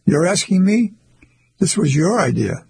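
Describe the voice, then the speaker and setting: A curt, grumpy young man, read by a man in an audiobook who mutters like an annoyed dad. The pitch sits a little higher than the reader's own. His voice is husky and gravelly. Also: big pitch swings, unhurried, darkish tone, full character voice. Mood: snappish.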